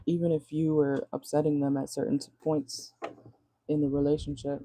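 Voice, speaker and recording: Woman tarot reader, very mellow dark tone, blunt and chatty, laughs a lot, in a car. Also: deep voice, little pitch movement, normal speed. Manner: chatty and blunt, laughs often, swears freely. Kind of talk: casual tarot reading.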